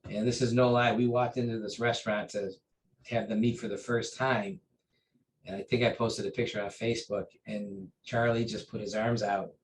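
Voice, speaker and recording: This martial arts instructor's level voice moves at a moderate pace as he rambles through a personal anecdote in a casual interview, stumbling over fillers and restarts. Quoted dialogue gets acted out with a louder, higher voice, and the rough recording holds slight background noise.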